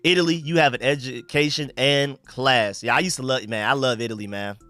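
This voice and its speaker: A young man from the US hosts a sports livestream, casually reading viewer comments with slang and rambling restarts. He talks fairly quickly at a medium pitch with a sharp tone, recorded dry with faint music in the background.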